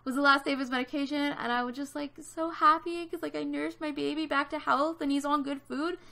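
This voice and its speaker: A woman's voice: high voice, steady tone, fairly quick, vocal fry, bright, forceful tone. A woman in her twenties from Canada, telling a story in casual chat over a gaming video, with lots of fillers. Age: 20s. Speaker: gaming vlogger.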